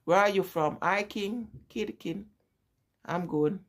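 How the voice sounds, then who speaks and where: Jamaican-accented woman vlogger, middle-aged, animated storyteller who laughs a lot, mid pitch. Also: slow pace. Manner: laughs often while telling family stories, animated. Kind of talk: casual storytelling.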